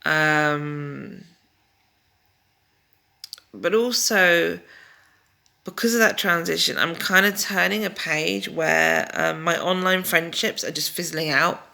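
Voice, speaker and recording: Brief: middle-aged woman, casual vlog, rambling self-aware musing, bright edge with a gravelly fry. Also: lowish voice, slow, pauses often. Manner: rambling and wry, with many restarts and fillers. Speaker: vlogger. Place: home during lockdown.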